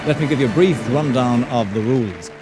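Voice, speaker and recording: A man's voice: mid-range voice, lively intonation, a little fast, over music. A man presenting a live television song contest, addressing the audience jauntily.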